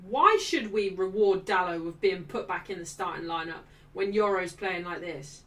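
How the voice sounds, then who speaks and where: A young woman runs a live football watchalong, reacting with excitement and reading out messages from chat. Her voice is bright and forceful. She sits a little back from the microphone. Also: lowish voice, normal speed, few pauses, recorded from a distance.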